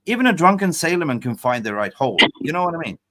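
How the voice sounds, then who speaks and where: A man's voice: fairly high pitch, fast talker. A man hosting a fan channel's player ratings, joking and pleading to make his point. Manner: excitable, jokey, pleading to finish his point. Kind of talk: casual football chat.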